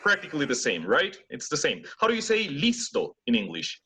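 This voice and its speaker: A man teaching English, animated and demonstrating pronunciation. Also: on the high side, a little fast, a loud crowd. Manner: animated, switches between English and Spanish, demonstrates accents. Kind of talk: online class teaching. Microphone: video call.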